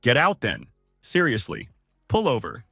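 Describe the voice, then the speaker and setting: A man voicing a smug, sharp-tongued wife who speaks in mocking, curt jabs. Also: mid-range voice, huge pitch swings, unhurried, vocal fry, husky, no echo, studio quality, soft background music, full character voice.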